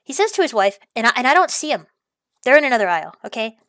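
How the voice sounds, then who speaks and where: A ranting vlogger speaks fast in a fairly high, sing-song, fairly bright voice, recorded in a clean studio with no echo. Exasperated and profane, she vents in an angry monologue, repeating herself.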